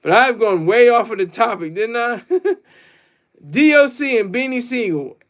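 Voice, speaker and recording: A man's voice: very high-pitched, lively intonation, unhurried. A man hosting a casual livestream, reading chat comments and rambling boastfully, laughing often. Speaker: livestream host.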